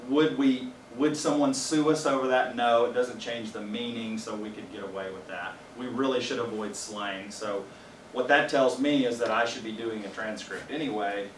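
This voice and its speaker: Relaxed man teaching a room. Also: medium pitch, moderate pace, a little hiss or hum. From Louisiana. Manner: relaxed, explanatory, wry asides. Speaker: faculty trainer. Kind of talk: casual presentation to a live group. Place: training room with a small audience. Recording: roomy echo, distant mic, faint ambience.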